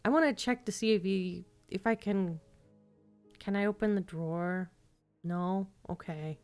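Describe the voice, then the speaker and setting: A woman's voice: on the low side, measured pace, a little mellow, soft background music. A woman streaming a game, chatting casually and jokily while thinking aloud. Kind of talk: casual live-stream gameplay chat.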